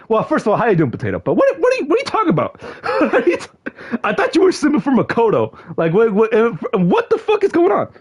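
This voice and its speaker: A young man streaming casually to his viewers, excitable, often shouting in mock frustration and peppering his talk with slang. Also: high-pitched, husky. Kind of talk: casual livestream chat to viewers.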